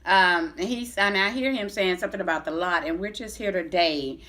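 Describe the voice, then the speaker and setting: A woman's voice: on the low side, normal speed, fairly bright tone. Blunt, profane middle-aged woman vlogging. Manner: blunt, profane, chatty retelling with many restarts. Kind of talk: casual storytelling to camera.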